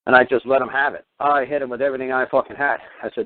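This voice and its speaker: A man's voice: medium pitch, steady tone, very fast, few pauses. Angry man ranting over a phone line. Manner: profane, emphatic, repetitive. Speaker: radio talk host. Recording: dry tinny phone-line audio.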